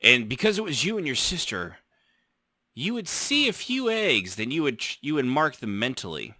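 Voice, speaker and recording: Bright-voiced joking male podcast host. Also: medium pitch, huge pitch swings, normal speed, no room sound, clean studio sound. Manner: joking, storytelling, laughs often. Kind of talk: casual chat.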